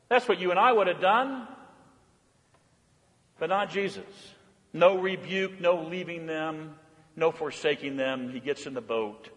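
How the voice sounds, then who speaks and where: A man preaching a sermon, swinging between loud, emphatic declarations and soft, hushed tenderness, repeating phrases for emphasis. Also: fairly high pitch, a little slow, long pauses, in a large hall. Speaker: pastor. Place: church.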